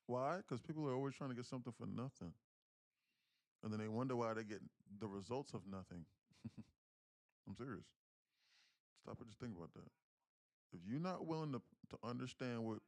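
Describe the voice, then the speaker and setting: A young man day-trading on a livestream, chatting casually and profanely with viewers, telling stories loudly and excitedly. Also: mid-range voice. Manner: profane, animated storytelling, gets loud and excited.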